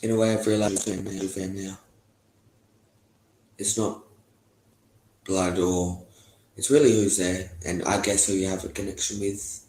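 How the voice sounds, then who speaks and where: A man's voice: low-pitched, little pitch movement, normal speed, pauses often, a little mellow. A young man giving a candid, rambling interview testimony, swearing often and laughing between thoughts. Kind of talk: candid casual talk. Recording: echoey room.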